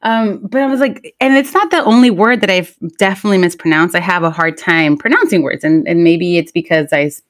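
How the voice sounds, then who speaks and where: A woman's voice: on the low side, a little fast, hardly any pauses. A woman co-hosting a podcast in casual chat, a native Spanish speaker who laughs often while telling stories. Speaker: podcast co-host.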